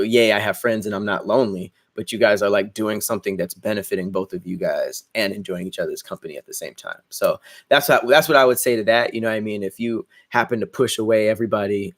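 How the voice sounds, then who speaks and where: A man's voice: on the low side, fairly bright tone. A young man hosting a casual podcast, chatting and freestyling crude, boastful raps while joking and laughing at himself. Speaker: podcast host. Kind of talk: casual livestream chat and freestyle rap.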